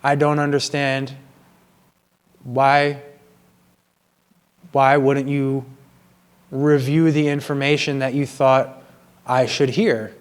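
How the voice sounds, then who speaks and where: A man speaks in an earnest, apologetic way, slow and measured, as he reflects on his own mistakes. His voice sits in a middle pitch. He is recording in a gym. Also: little pitch movement, smooth. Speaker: vlogger sharing personal confessions. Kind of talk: reflective personal monologue.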